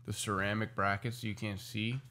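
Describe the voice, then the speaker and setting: A young man co-hosting a casual podcast chat, loud and teasing, with crude jokes. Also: on the low side, level tone, moderate pace. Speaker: podcast co-host.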